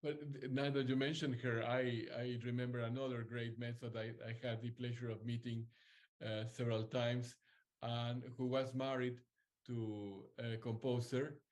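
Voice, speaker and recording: A man's voice: medium pitch, level tone, normal speed, darkish tone. A man hosting an interview, thoughtful and hesitant, often searching for his words. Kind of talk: conversational interview.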